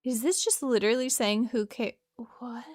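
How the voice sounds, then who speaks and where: A woman's voice: a little high, moderate pace, a little mellow. A woman giving chatty, joking commentary while playing a detective game. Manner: chatty, joking, laughs often. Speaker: game streamer. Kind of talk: casual gameplay commentary.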